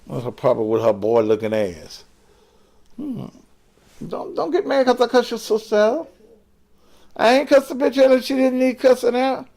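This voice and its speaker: Older man ranting, crude and animated. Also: high voice. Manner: crude, combative, cursing, mocking. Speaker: online show host. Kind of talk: profane live-stream rant.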